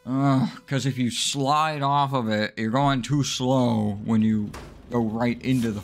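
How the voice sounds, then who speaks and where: A man commentating his own gameplay, swearing and mocking himself in exasperated rants, with sudden high yelps when frustrated. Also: fairly even intonation, slow pace, slight background noise. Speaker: let's play gamer.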